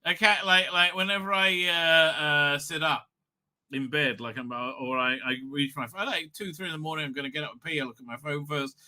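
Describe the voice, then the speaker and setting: A male streamer chats loosely to his audience, full of uhs and restarts. His voice is very bright and sits a little high. He swears freely when he gets worked up. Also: brisk. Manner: profane, ranting, many fillers. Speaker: livestream host. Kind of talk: rambling live stream chat.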